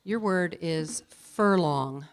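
Woman, low pitch, clear tone; spelling bee pronouncer, measured and formal. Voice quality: measured, deliberate enunciation. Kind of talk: formal word pronouncing and definitions. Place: school auditorium.

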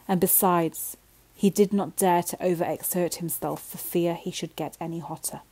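A woman telling a bedtime story in a gentle, slow way that sometimes drops to a whisper. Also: lowish voice, fairly even intonation, breathy edge, rough recording.

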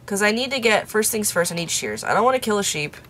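A young woman giving casual let's play commentary from a room in her parents' home, rambling and mocking herself, with quiet asides muttered under her breath. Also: medium pitch, big pitch swings, fast talker, a little hiss or hum. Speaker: YouTuber playing a game.

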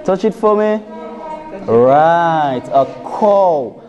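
A Barbadian woman caregiver leads toddlers through play in a slow, mellow voice. She repeats patient praise again and again. The echoey room carries a faint background noise. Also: on the low side, lively intonation, lo-fi sound, soft background music.

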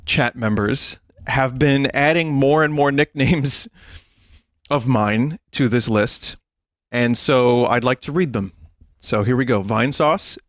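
A man streaming to his chat, talking slowly and in an unhurried way, with frequent bursts of laughter as he reads down a list. His voice sounds close and dry, with a mid pitch. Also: a bit bright, no echo. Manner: amused, laughs often while reading a list aloud. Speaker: livestream host.

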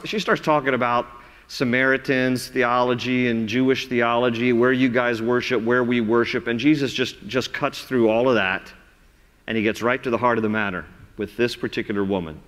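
A man preaching a sermon as pastor, telling the story in an animated way and acting out the voices. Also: mid-range voice, moderate pace. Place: large church sanctuary. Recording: reverberant church sanctuary.

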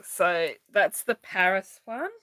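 Casting note: relaxed woman, mid-pitched, chatty craft vlogger with light teasing humor. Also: slow pace, background noise. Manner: chatty, laughs easily, teasing. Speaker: craft vlogger showing a haul. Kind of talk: casual chat.

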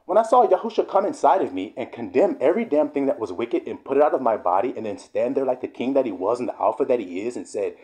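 A man preaching a fiery, profane sermon, swearing often and sometimes shouting. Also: medium pitch, animated, fairly quick.

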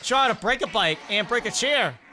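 A woman's voice: fairly high pitch, a little fast, slight background noise. A young woman hosting a reaction video, chatting casually and exclaiming at funny clips. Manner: animated, exclaiming and questioning clips.

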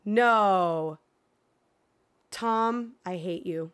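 A woman streaming a video game, chatting casually with viewers and swinging between excited gasps and mock dread. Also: medium pitch, drawn-out words, smooth. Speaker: gaming streamer. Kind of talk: casual live gameplay chat.

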